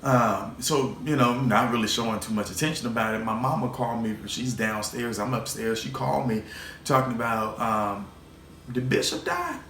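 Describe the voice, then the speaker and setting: A man's voice: medium pitch, fairly even intonation, moderate pace, fairly bright tone. A man hosting his own vlog, telling a personal story in a rambling, emotional way, repeating words and swearing now and then. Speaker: show host. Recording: roomy echo, faint background noise.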